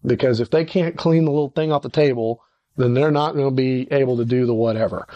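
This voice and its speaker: In a dry, muffled recording, a middle-aged ministry leader talks a little fast as he delivers a conversational leadership lesson. He brings it to life by acting out little dialogues with sudden pitch jumps.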